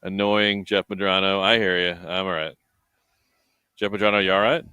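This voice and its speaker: A man's voice: deep voice, flat delivery, moderate pace, bright, forceful tone, smooth, dry recording. A man from the United States co-commentating a live race broadcast in casual, playful banter. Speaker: livestream co-commentator.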